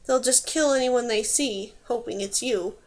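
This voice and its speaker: A woman voicing a calm, sensible female pony who gives measured advice. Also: a little high, lightly acted.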